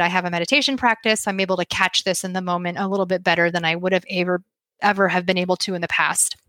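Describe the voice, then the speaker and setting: Bright-toned candid mother talking. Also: mid-range voice, no echo. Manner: candid, thoughtful, frequent fillers. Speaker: mother sharing a personal practice. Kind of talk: casual reflective monologue.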